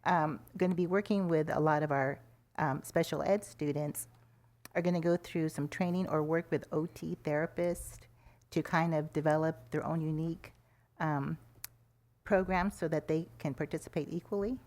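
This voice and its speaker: Woman board member, very low voice, halting delivery, stumbles over words. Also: steady tone, a little mellow. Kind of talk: asking a question at a public meeting.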